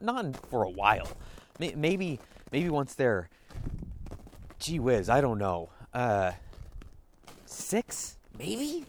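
A man's voice: mid-range voice, slight background noise. A man hosting a solo podcast, rambling and interrupting himself, slipping into little acted-out quotes, speaking as a parent. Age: adult parent. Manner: rambling, self-interrupting, acts out quoted voices. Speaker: podcast host.

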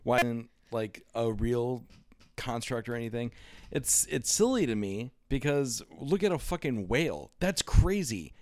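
A man's voice: medium pitch, no echo, studio quality. A man who is a guest on a podcast, talking in casual chat and arguing his opinions with some swearing.

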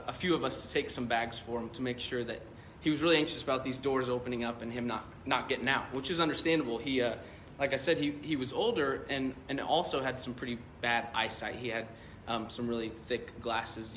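Bright-voiced pastor preaching in a roomy church. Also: male voice, medium pitch, fairly even intonation, a little fast, a little hiss or hum. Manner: conversational, rambling storytelling with fillers. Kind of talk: sermon.

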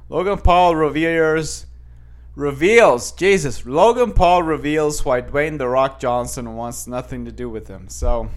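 A man chatting casually to his viewers and reading news headlines aloud, rambling with many restarts, fillers and asides. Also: medium pitch. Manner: talks straight to viewers. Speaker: vlogger.

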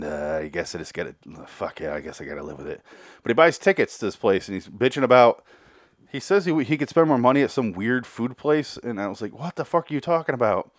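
A man's voice: medium pitch, dry recording, studio quality. A man giving a casual, rambling recap, sarcastic and foul-mouthed, with lots of digressions. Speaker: reviewer.

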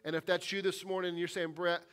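A man preaching a sermon as a pastor in a church, earnest, slowing down for weight and dropping to a hush on key lines. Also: high voice, level tone, clean tone, faint music behind. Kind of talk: sermon and closing prayer. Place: church sanctuary.

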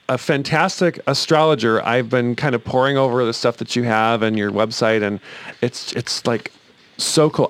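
A man co-hosting a chat show, theatrical and gushing, calling people darling. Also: mid-range voice. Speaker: podcast co-host. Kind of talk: casual chat.

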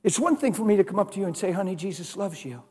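A man preaching a sermon, telling a personal story and swinging from hushed, soft lines to loud, emphatic ones. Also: sits high, lively intonation, fast talker, slightly rough, long reverb tail.

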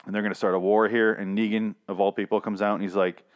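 A man's voice: fairly low pitch, little pitch movement, fast, hardly any pauses. A young man hosting a show, giving a casual, rambling recap and rant full of swearing and restarts. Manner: profane, rambling, self-interrupting. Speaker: podcast host.

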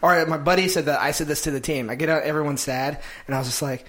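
A man with a bright, forceful voice and a fairly high pitch talks casually as a guest. He is excitable and loose, breaks into laughs and tumbles through restarts. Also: quick pace. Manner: excitable, swears, laughs often, many restarts. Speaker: stand-up comedian, guest. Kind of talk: casual chat.

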